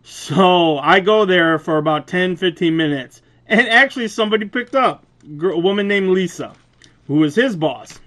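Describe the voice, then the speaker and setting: Loud, booming man telling a rant. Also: moderate pace. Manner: animated, profane, laughs through the retelling. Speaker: vlogger. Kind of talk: casual storytelling rant.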